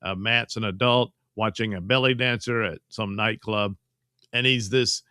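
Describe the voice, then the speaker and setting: A man chats through a live movie recap in a bright, forward voice, recorded close and dry. He wanders, trips over his words and chuckles often, reading chat comments along the way. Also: on the low side, fairly even intonation, moderate pace, clean tone, dry recording. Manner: rambling, stammering, chuckling often. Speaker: host of a live movie-review stream. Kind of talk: casual live-stream chat.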